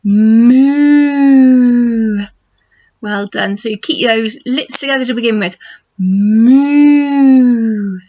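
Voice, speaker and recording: A middle-aged woman teaching phonics to young children, slow and encouraging as she models sounds for them to copy. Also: on the high side, a bit bright. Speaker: nursery teacher. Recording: dull lo-fi home video sound.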